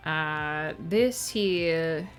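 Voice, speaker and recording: A woman's voice: deep voice, very slow, clean tone, faint music behind, voice pushed down. A woman streamer putting on an exaggerated old-movie American Southern accent while chatting casually on a live stream, with a hammy drawl and many fillers. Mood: playful. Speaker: streamer and writer.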